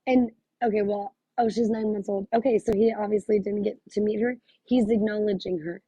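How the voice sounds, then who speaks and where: A woman's voice: mid-range voice, steady tone, fairly quick, mellow, husky, no echo, rough recording. A woman working as a psychic medium, talking through a live reading in a gushing, exclamatory way and thinking aloud with many fillers.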